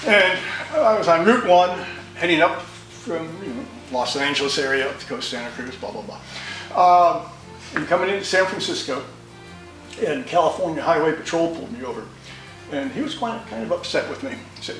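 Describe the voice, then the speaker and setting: Speaking fairly high with big swings in pitch and a fairly bright tone, an older New Yorker talks at normal speed about his motorcycle. He's the interviewee in a storytelling interview, and his stories wander in a folksy way, starting over again and again. Faint music plays behind him in an echoey room, with the mic far away and the recording rough.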